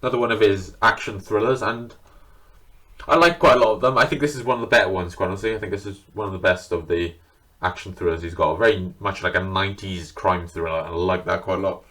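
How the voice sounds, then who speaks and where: A man's voice: deep voice, steady tone, quick pace, bright, forceful tone. A man chatting casually and enthusiastically to camera, swearing freely as he talks. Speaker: video creator showing his film collection. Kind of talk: casual unscripted chat to camera.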